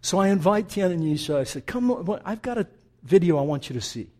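An older male pastor preaching a sermon, telling a story with animated energy that settles into soft, prayerful speech. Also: sits high, brisk.

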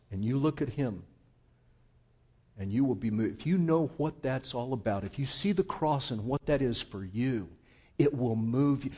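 A male pastor delivers an impassioned sermon, piling up rhetorical questions and swelling into loud, high outbursts. His voice has a husky, slightly breathy edge and sits at an ordinary middle pitch for a man.

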